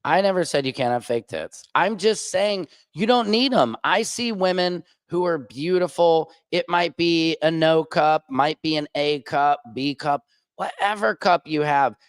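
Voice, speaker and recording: A man hosting a livestream and talking in a crude, rambling, profane way, with big swings in pitch. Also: a little slow, clean tone, no echo, clean studio sound. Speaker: streamer host. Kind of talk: casual livestream monologue.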